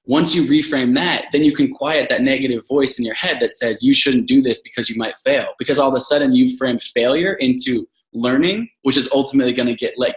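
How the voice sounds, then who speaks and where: A man's voice: medium pitch, roomy sound, low-quality recording. A man speaking earnestly and reflectively as a podcast guest, with frequent fillers and restarts. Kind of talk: casual interview talk.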